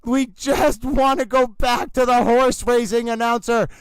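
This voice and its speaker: A man's voice: very high-pitched, fairly even intonation, measured pace, clean tone, no room sound, rough recording. A man hosting a comedic livestream, talking like an overwrought horse-race announcer with theatrical exclamations. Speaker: livestream trial commentator.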